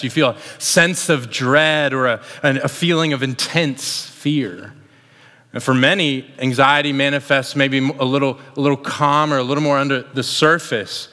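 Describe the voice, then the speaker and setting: A young man preaching a sermon, telling a personal story in a casual, conversational way before turning to the lesson. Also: medium pitch. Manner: conversational storyteller, animated retelling. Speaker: pastor. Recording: long hall reverb.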